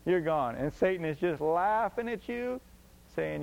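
A man's voice: a little high, expressive, a little slow, gravelly, highs cut off. A man preaching a sermon emphatically, repeating his points and asking the congregation rhetorical questions.

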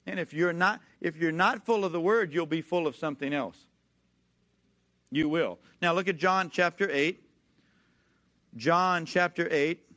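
Male preacher, high-pitched, emphatic sermon delivery with call-and-response and repeated phrases. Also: bright, forceful tone. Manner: emphatic, repeats key phrases, slows to read scripture; calls for congregation responses.

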